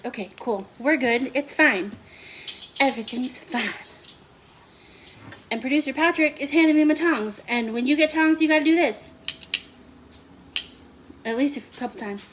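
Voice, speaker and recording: A woman's voice: on the high side, a little hiss or hum. A woman hosting a chatty live cooking stream from her home kitchen, rambling and talking to viewers by name. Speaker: home cooking livestream host.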